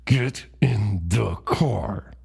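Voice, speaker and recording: A man's voice: mid-range voice, expressive, fast, dark tone, pitched above the performer's own voice, close to an everyday voice. A man voicing an angry mother who speaks through clenched teeth. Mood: seething.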